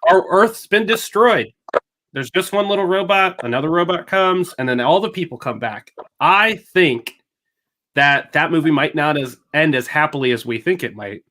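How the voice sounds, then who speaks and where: A young man with a bright, forceful voice that sits a little high, hosting a casual panel chat over a video call. He talks in a chatty way, stumbling and restarting, cracking jokes and then turning earnest when he praises a film. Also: expressive, moderate pace. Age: young adult. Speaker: host.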